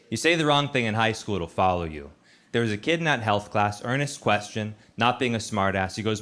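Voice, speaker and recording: A man doing stand-up comedy on a stage, telling stories in a deadpan, conversational way. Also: lowish voice, a little fast. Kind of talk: stand-up storytelling. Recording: loud background noise.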